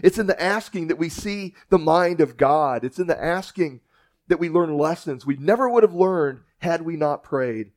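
Folksy preacher man with a higher voice. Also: expressive, normal speed, darkish tone. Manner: folksy storytelling preacher with restarts. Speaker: pastor. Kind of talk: sermon.

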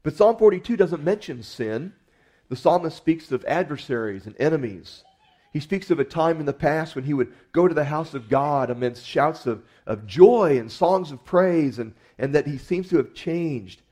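A man's voice: fairly high pitch, expressive, moderate pace, darkish tone. A man preaching a sermon in an earnest, conversational way, often restarting his words as he goes. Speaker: pastor.

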